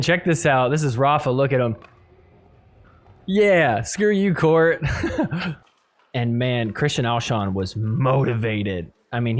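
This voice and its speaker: Laughing, lively male podcast host. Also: a little high. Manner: laughs often, acts out players' thoughts in quick asides. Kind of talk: casual recap commentary over clips.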